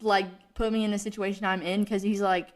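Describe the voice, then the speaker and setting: A young woman hosts a faith podcast in casual chat. She talks earnestly and rambles, with plenty of fillers, in a voice of middling pitch. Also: level tone, a little fast. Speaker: podcast host.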